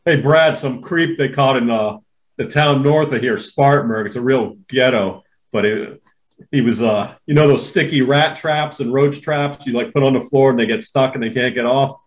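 Man, mid-pitched voice, offhand gossip, video call chat. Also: moderate pace. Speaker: podcast guest. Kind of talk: casual chat.

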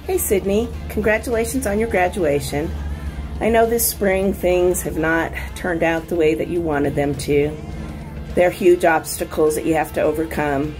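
A woman giving a calm, unhurried, heartfelt message of encouragement to a graduating relative. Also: fairly low pitch, poor audio.

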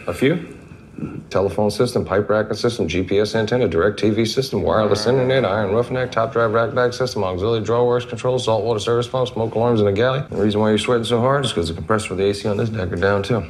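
An actor playing a defiant blue-collar oil rig worker who rattles off a list of equipment in a film scene. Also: male voice, lowish voice, fast talker, lightly acted. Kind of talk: film dialogue.

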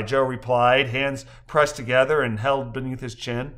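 Bright-voiced man reading a story aloud. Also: fairly even intonation, unhurried, few pauses. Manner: lifts pitch for dialogue. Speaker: audiobook narrator. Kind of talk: scripted narration reading all parts.

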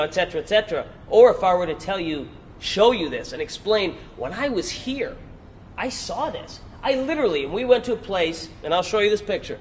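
Male workshop presenter, high voice, persuasive and emphatic, faint hiss behind. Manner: persuasive, asks the audience rhetorical questions; emphatic repetition. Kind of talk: lecture to a live audience.

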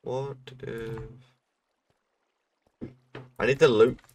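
A man's voice: medium pitch, level tone, very slow, a little mellow, no echo, recorded from a distance. Laid-back male streamer explaining a build. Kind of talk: casual gameplay commentary.

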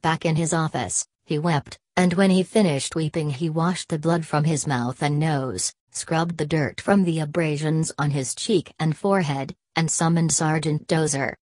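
A woman narrating an audiobook in an even, deliberate manner. Her voice sits low, and the recording is dry and close with no room sound. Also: no room sound.

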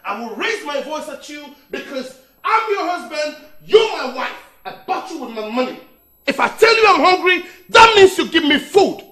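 An actor with a Nigerian accent playing an excitable, demanding young husband who bursts into loud shouts, heard over a film's music score. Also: male voice, mid-range voice, takes it slowly, long pauses. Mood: shouting. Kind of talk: film drama acting. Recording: film audio with music score.

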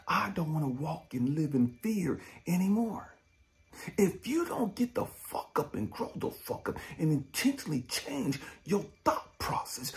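A man giving a profane motivational talk as a life coach, blunt and intense, swinging between loud urging and low muttering. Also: very animated, a little slow, gravelly. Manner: blunt, heavy swearing, drill-instructor intensity.

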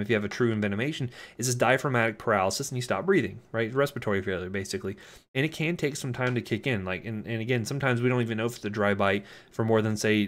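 A middle-aged man from Florida, giving a casual, anecdote-filled pharmacology lecture full of fillers. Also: fairly low pitch. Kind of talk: recorded lecture.

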